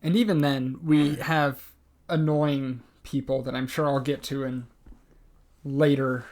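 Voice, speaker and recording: A young man co-hosting a casual podcast, chatting in a relaxed, halting way. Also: medium pitch. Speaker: podcast co-host. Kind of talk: casual chat.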